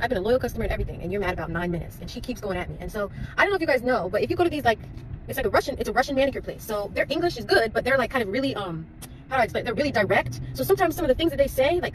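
A young woman talks at a rapid clip, her voice sitting a little high, as she records a casual storytime vlog from behind the wheel. She speaks into a phone while she drives, in a chatty way, and a faint hum of the moving car runs under her voice. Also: low-quality recording. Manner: chatty, retelling a story with rising frustration. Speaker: vlogger.

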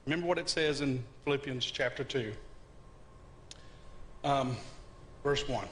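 A man preaching a sermon, animated and conversational, asking his congregation questions as he teaches. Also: mid-range voice, measured pace, a little hiss or hum. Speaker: pastor.

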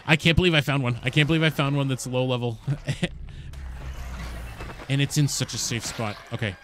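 A man streaming a game live while high, giving excitable, rambling commentary, swearing and talking to the creatures and his chat. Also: a little fast, slight background noise.

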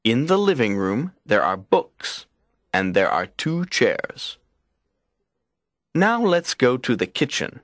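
A man reads textbook exercise instructions at a slow, deliberate pace. His pitch moves expressively up and down. The recording is dry and close to the mic. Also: sing-song, fairly bright tone, dry recording. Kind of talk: scripted lesson reading.

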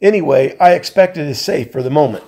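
A man voicing a steady, agreeable male dwarf who calmly offers to help. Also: on the high side, fast, natural voice. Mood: willing. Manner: calm and agreeable.

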